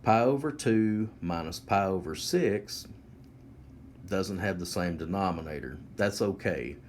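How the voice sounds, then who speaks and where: A man teaching a whiteboard math lesson, explaining each step slowly and methodically. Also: deep voice, animated, a little mellow, a little hiss or hum.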